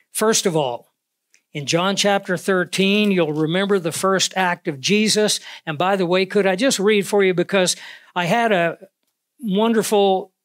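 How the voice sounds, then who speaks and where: A man preaching a sermon in an earnest way, slowing down to stress key words, speaking into a clip-on microphone. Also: high-pitched, fairly bright tone, no room sound, clean studio sound. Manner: earnest, with slow emphatic pauses on key words. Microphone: wearing a clip-on microphone.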